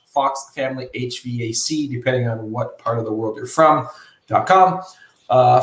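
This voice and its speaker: Casual joking man in an echoey room. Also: medium pitch. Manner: loose, joking, swears casually. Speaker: podcast co-host. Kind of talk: casual podcast chat. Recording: roomy echo.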